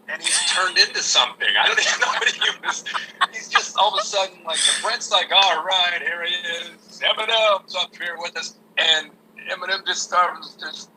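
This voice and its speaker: A man, a sports broadcaster, telling an animated anecdote in an interview. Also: fairly high pitch, poor audio. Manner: animated storyteller with many restarts. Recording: radio call with faint noise.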